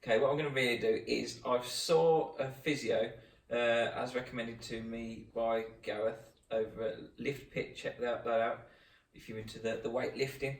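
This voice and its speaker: A man's voice: medium pitch, steady tone, moderate pace. Male host, chatty and plain, recorded off-mic in a reverberant room. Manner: chatty, recounting an injury. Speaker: fitness channel host. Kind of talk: casual chat. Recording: echoey room, mic at a distance.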